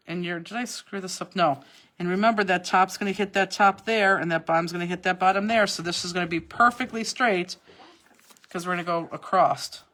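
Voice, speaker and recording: A woman's voice: on the low side, fairly quick, fairly bright tone. Chatty woman teaching a crafting class. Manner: chatty, instructive, teasing asides. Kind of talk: live online card-making class, casual chat.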